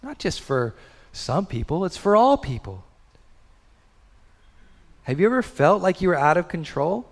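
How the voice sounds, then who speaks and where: A man's voice: sits high, big pitch swings, unhurried, long pauses, in a large hall. A man in his thirties preaching a sermon in a conversational way, full of rhetorical questions. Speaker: pastor.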